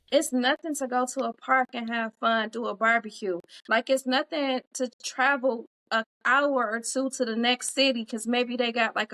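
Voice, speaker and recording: A woman with a slightly high voice speaks on a live podcast. She talks earnestly and casually, with plenty of "like" fillers, and urges her listeners to get out and live. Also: fairly bright tone, low-quality recording. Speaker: podcast co-host.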